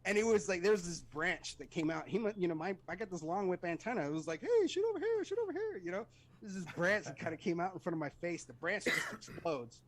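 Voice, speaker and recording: This middle-aged Army veteran's voice runs a little high, with a slight hiss or hum on the recording. As a podcast guest, he tells casual stories with animation, acting out voices and sounds.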